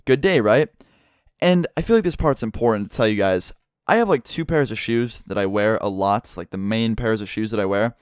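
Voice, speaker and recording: A man's voice: lowish voice, normal speed, smooth, dry recording. Profane young man telling a story. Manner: profane, animated storytelling with acted quotes. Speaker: YouTuber. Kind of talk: casual storytime vlog.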